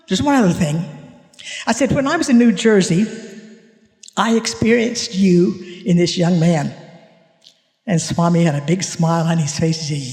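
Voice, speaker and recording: A man's voice: high-pitched, a little mellow. A man giving a spiritual talk at a conference, telling a personal story and acting out the dialogue with animation. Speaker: conference speaker. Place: conference hall. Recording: echoey hall reverb.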